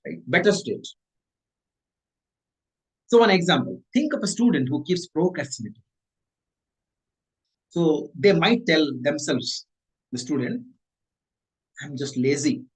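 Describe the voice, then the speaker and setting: A man, a mindset coach giving a motivational talk, repeating and rephrasing his points with animated emphasis. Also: sits high, rough recording.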